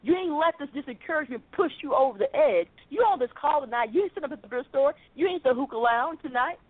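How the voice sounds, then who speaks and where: Fervent high-voiced woman preacher. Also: expressive, fast, dry recording. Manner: fervent, rhythmic, repeating phrases. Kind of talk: phone-call sermon. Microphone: phone call. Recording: tinny phone line.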